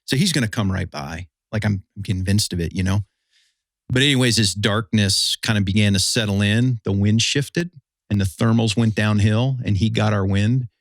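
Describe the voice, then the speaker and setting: Low voiced guy chatting on a podcast, laid back, dry close sound. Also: normal speed, no room sound. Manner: relaxed storyteller, swears casually. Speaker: podcast host. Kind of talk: casual chat.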